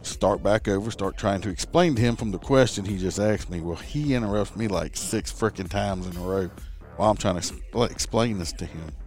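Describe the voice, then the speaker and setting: A middle-aged ex-cop tells a profane story in casual podcast chat, voicing both sides of the argument with animated energy. His voice is lowish and brisk, with soft music underneath.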